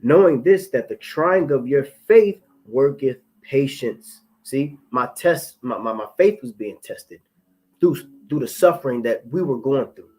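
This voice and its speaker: A man giving an informal spoken testimony, profane and rambling, repeating words and restarting, reading scripture aloud more slowly. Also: medium pitch, animated, a little mellow, rough recording.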